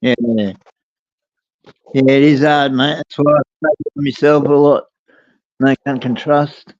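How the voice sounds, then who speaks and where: A man's voice: a little high, flat delivery, measured pace, darkish tone, no echo, muffled recording. A man chiming in with short, agreeable remarks in a casual chat. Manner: brief, agreeable interjections.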